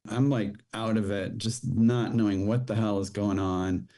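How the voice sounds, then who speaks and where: Male podcast guest, low dark voice, halting personal testimony. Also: steady tone. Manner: plain, halting storytelling with fillers.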